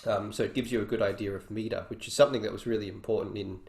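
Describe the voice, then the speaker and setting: A man's voice: fairly low pitch, steady tone, rapid-fire, darkish tone. A man teaching guitar in an online workshop, explaining casually and thinking aloud between demonstrations. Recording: roomy echo with faint guitar.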